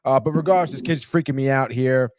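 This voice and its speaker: A man's voice: medium pitch, fast, no echo. Man, podcast host, rambling recap, profane, keeps saying dude, dry sound. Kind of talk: casual TV episode recap.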